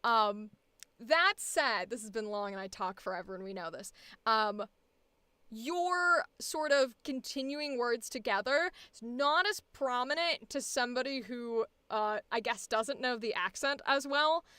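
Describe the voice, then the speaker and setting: A woman's voice: on the high side, animated, measured pace, pushed and bright, clean tone, no room sound. A woman coaching voice acting, rambling cheerfully, swearing freely and laughing often as she talks. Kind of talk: casual coaching chat.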